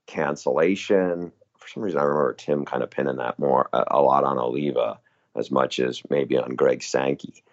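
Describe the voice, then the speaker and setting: A man's voice: rumbling low, muffled recording. A man co-hosting a casual sports podcast, rambling and correcting himself mid-sentence. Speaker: podcast co-host.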